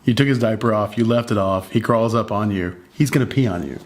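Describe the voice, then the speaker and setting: A man's voice: lowish voice, brisk. A man co-hosting a casual podcast chat, talking in a dry, teasing, matter-of-fact way. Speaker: podcast co-host.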